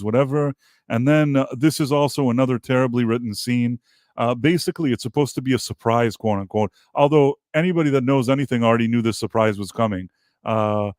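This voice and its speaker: A man's voice: mid-range voice, a little mellow, no echo, clean studio sound. A man hosting a TV review show, talking in a scornful, exasperated rant that stumbles over repeated words and restarts. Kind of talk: ranting commentary review.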